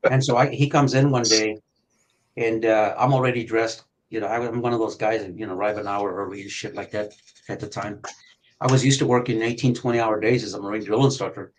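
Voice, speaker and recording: Older guy telling old cop stories, swears a lot, gets loud acting out the yelling. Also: on the low side, fairly quick, low-quality recording. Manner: profane, animated storyteller who acts out shouting. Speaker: retired detective telling police stories. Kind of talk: storytelling on a podcast.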